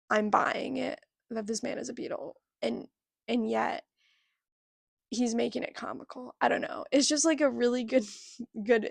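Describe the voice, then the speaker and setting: A woman's voice: a little high, creaky, no echo, studio quality. A young woman vlogging casually about books, chatty and giggly, with lots of fillers. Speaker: book vlogger. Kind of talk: casual chat.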